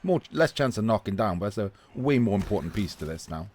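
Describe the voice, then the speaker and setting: A man's voice: on the low side, expressive, brisk, a little mellow. Chatty, laughing male game commentator. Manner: chatty, laughs often, swears casually. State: voice getting a little hoarse. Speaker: esports commentator. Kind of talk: casual live video game commentary.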